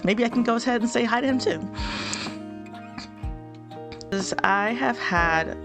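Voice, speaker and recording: A young woman with a stuffy nose, chatting and giggling casually as she plays a game. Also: a little high. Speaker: let's play host. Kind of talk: casual gameplay commentary. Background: faint game music.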